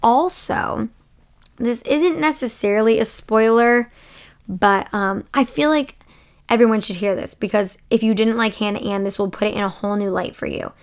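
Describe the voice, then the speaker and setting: A young woman hosts a chatty podcast recap in a sassy, opinionated way, with a slightly high voice. She sounds sleepy and yawns late at night. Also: moderate pace. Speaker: podcast host.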